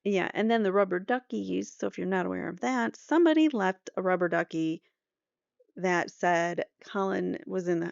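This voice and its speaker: A woman true crime podcaster with a low, gravelly voice and a sarcastic, chatty way of reading and riffing on an article. The sound is dry and a bit dull, like a home podcast recording. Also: dry recording. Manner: sarcastic, chatty, laughs at her own asides. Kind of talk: casual commentary reading an article aloud.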